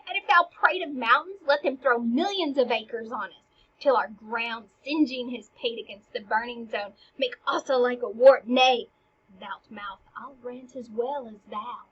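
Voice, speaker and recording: A woman's voice: on the high side, unhurried, slightly rough. A ranting young prince, read by a woman. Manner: mixes old verse with slangy paraphrase. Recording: dull lo-fi recording.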